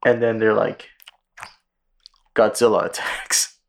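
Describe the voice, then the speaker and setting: A man co-hosting a podcast, casually retelling a movie plot with lots of swearing and quick character voices. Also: fairly low pitch, gravelly, a little hiss or hum. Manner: profane, animated storytelling with quick character impressions. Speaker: podcast co-host.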